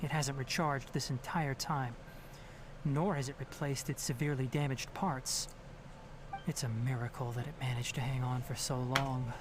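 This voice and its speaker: Tighnari, a man voicing a calm young ranger. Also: medium pitch, lightly acted. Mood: somber. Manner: measured, gentle, sober. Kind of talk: video game voice acting. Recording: game audio with background noise.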